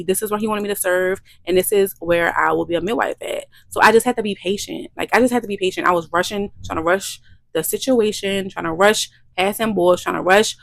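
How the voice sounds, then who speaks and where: A woman's voice: medium pitch, vocal fry, no room sound. A woman, a midwife hosting her vlog, talking in an emotional, repetitive, faith-filled way. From Louisiana. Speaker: midwife and channel host. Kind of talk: heartfelt vlog testimony.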